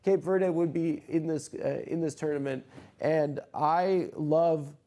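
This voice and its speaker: A man hosts a casual comedy podcast, his voice sitting a little high but soft and mellow in tone. He riffs in excitable, rambling bursts, cursing freely as he goes. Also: slow. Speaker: host.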